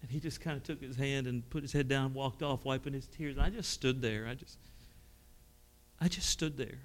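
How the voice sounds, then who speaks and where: A middle-aged man preaching a sermon, telling personal stories and swinging from loud exclamations to hushed, emotional tones. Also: medium pitch, brisk, a little hiss or hum.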